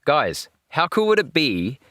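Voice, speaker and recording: An Australian man chatting on a live reaction stream, jokey and animated and laughing often. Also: on the high side, unhurried, dry recording, studio quality.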